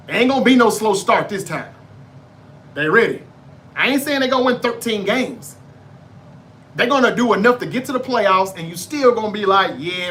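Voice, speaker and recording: A man with a high, bright, forceful voice runs through his football picks in loose, swaggering banter, swearing freely and ribbing rival fans. A faint hum of room ambience sits under him. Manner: brash, profane, trash-talking fan banter. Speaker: sports debate show host. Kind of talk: casual sports predictions monologue.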